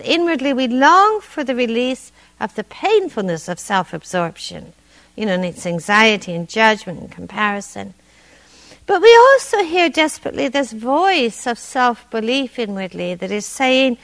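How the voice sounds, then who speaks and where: A woman meditation teacher giving a dharma talk in a meditation hall, conversational and gently humorous. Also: on the high side, gravelly.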